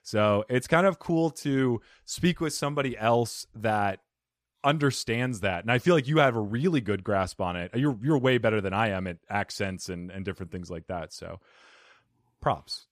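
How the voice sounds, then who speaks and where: A man's voice: fairly low pitch, lively intonation, moderate pace, no room sound. Brief: male podcast host, Italian accent, native Italian speaker, polished radio delivery, dead-dry sound. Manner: smooth radio-style delivery. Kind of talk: casual podcast interview.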